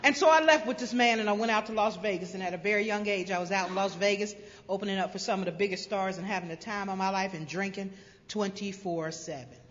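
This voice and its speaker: A woman from South Carolina telling her recovery story to a crowd, a lively storyteller who acts out voices with humor. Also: medium pitch, fast. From Greenville, South Carolina. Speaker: recovery speaker. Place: large convention hall. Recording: dull lo-fi convention hall recording with long reverb.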